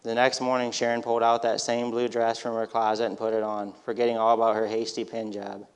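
A man reading a storybook aloud in a steady, gentle manner. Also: mid-range voice, fairly quick, clean tone.

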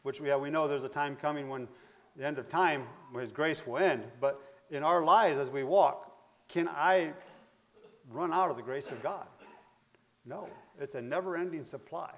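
A man's voice: fairly high pitch, normal speed, a bit bright. A man preaching a Bible lesson in a conversational, searching way, reading verses aloud and working through his thoughts. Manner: conversational, searching, with fillers and restarts. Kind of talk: Bible teaching sermon.

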